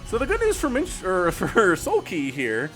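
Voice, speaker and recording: Excitable man casting a game. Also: high-pitched, moderate pace. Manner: excitable, talks to viewers and players directly. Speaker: game commentator. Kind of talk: solo esports play-by-play commentary. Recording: music bed playing under the voice.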